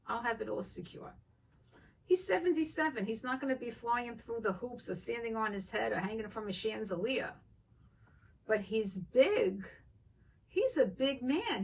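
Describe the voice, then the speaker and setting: A woman's voice: on the high side, slightly rough, far from the mic, rough recording. An older woman vlogger chatting casually with her viewers and telling a story, acting out both sides of it. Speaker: wig vlogger.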